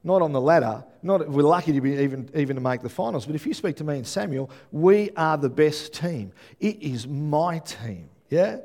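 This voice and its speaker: An Australian man preaching a sermon as pastor, telling stories with lively energy and often checking in with the congregation. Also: a little high, normal speed, hardly any pauses. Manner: animated storytelling with frequent "yeah?" check-ins to the congregation.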